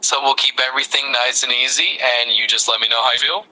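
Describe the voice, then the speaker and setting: A man's voice: medium pitch, steady tone, fast talker, bright, forceful tone, poor audio. A male AI voice assistant acting as a friendly conversation partner, upbeat and reassuring.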